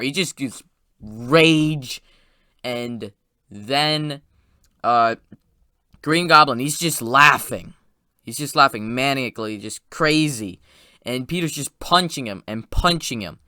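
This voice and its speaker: A man excitedly recapping a movie's plot in a casual, rambling spoiler review, with quick asides. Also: mid-range voice, clear, resonant tone, no room sound, clean studio sound.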